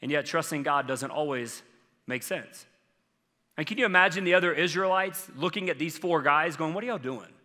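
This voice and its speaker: A man's voice: a little high, normal speed, bright, forceful tone. A man preaching a sermon as a pastor, earnest and conversational, with casual fillers. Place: church sanctuary. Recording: long reverb from a large church hall.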